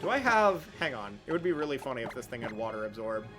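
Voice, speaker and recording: A man's voice: mid-range voice, very animated, quick pace, fairly bright tone, soft background music. A man giving casual, joking commentary while streaming a game, laughing often.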